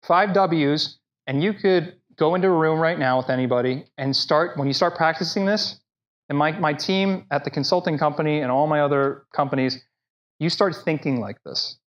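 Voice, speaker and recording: A man presents at a live professional talk in a lively, conversational way and speaks straight to his audience. His voice sits fairly high for a man. The recording is dull and lo-fi, as if captured in a presentation room. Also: moderate pace. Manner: conversational, energetic, addresses audience directly. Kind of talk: conference presentation.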